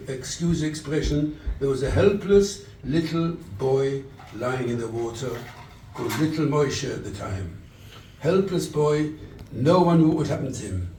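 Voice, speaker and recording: A rabbi from England giving a sermon at a charity event, telling stories and acting out the dialogue. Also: male voice, on the high side, dark tone, a little hiss or hum. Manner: storytelling, quotes scripture and acts out dialogue. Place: event hall. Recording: echoey room, distant mic.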